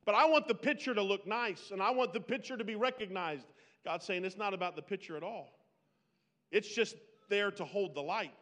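A man with a high voice preaches a sermon. He swings from loud, pleading bursts to hushed, drawn-out lines. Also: long reverb tail. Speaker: pastor.

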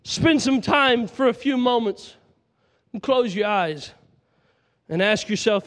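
A preacher with a strikingly high-pitched voice delivers a sermon. He speaks with passion and recites scripture at length to his congregation. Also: lively intonation, slow pace, fairly bright tone. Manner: impassioned, reciting scripture aloud.

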